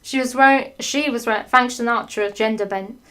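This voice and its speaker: A woman reading a badly written story aloud for comedy, breaking off for sarcastic, sweary asides, laughing and clearing her throat often. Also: on the high side, fairly quick, a bit bright. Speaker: fanfiction reader.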